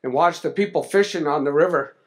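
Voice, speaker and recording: A man recounts a personal story before an audience in a loose, conversational way. His voice sits somewhat high for a man, and he pauses with small fillers as he goes. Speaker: speaker at a salmon summit. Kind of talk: storytelling in a public speech.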